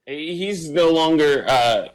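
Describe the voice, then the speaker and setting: A man running a tabletop game as game master, narrating haltingly with many fillers and quick bursts when he explains rules. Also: fairly high pitch, low-quality recording.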